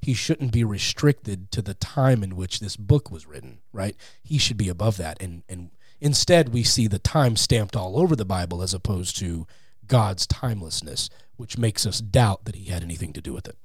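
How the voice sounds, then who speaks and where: A man speaking as a guest in a casual interview, animated and acting out quotes in different voices, on a close studio mic. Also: on the low side, moderate pace, breathy edge, no echo. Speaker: podcast guest, atheist comedian.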